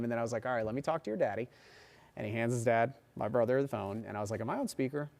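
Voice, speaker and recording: A man in his forties talks casually on his own livestream, rambling through a story and then reading out viewer comments. His voice sits at an ordinary middle pitch, and the talk is loose, friendly chat. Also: rapid-fire, darkish tone. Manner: chatty and rambling, reads viewer comments aloud. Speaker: meteorologist and show host.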